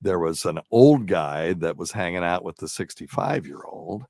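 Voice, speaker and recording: This is a man with a low, gravelly voice telling a rambling story on a radio talk show. He drifts through fillers and half-finished thoughts with an easy chuckle. The sound is close-miked and dry. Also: lively intonation, normal speed, a little mellow, no echo. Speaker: radio show host and doctor. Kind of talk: casual storytelling chat.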